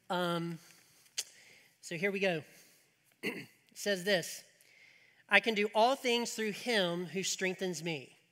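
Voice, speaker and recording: A man preaching a sermon in a church, with a high and forceful voice. He speaks in a folksy way and tosses joking asides to the congregation. His voice carries a long hall reverb. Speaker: pastor. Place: church sanctuary.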